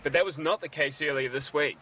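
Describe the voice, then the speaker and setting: A man filing a recorded news report outdoors in a city, with a measured, even delivery. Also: fairly high pitch, a little hiss or hum.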